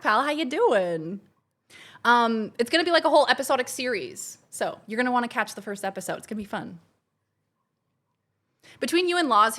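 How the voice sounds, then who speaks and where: Bubbly chatty woman streamer, higher voice. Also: a bit bright. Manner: bubbly, chatty, reacting to chat. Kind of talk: casual chat with live chat. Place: home, kitchen.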